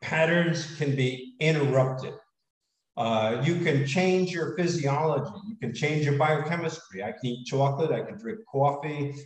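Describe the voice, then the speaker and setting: A man giving an animated motivational talk to an audience, with frequent fillers. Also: a little high, unhurried, echoey room, far from the mic, poor audio. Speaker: speaker.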